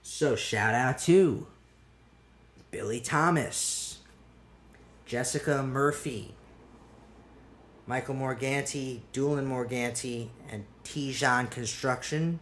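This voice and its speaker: A man's voice: medium pitch, takes it slowly, fairly bright tone, slight background noise. A man hosting a solo podcast in casual chat, rambling with restarts and casual swearing. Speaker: podcast host.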